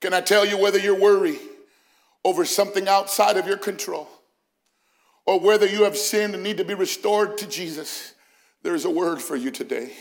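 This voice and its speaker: A male senior pastor preaching an Easter sermon in a church, building from quiet reasoning to shouted, sung-out climaxes. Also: high-pitched, moderate pace. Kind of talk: Pentecostal-style Easter sermon. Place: church sanctuary, also broadcast.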